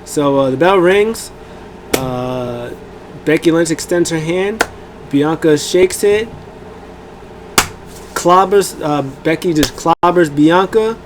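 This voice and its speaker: A man's voice: a little high, slow, pauses often, noisy background. Rambling man recapping wrestling. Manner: rambling, animated, many fillers, acts out quotes. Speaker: wrestling review host. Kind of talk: casual recap of a wrestling event.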